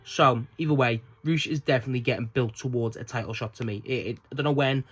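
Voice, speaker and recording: A young man giving a casual, rambling spoken review of a wrestling show, excitable and swearing often. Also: medium pitch, fast, slightly rough.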